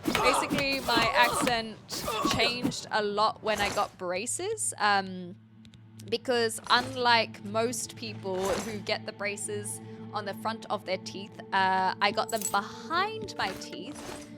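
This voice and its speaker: A woman's voice: medium pitch, animated, slow. A woman from New Zealand with a formal, British-sounding accent and a slight Kiwi twinge, chatting casually while streaming a game. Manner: formal, precise speech. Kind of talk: casual gameplay commentary. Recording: game music playing behind the voice.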